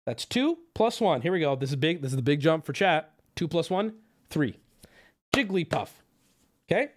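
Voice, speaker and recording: Animated, profane man chatting on stream. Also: a little high, normal speed. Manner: rambling, profane, jokey. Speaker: livestreamer. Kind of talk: casual stream chat.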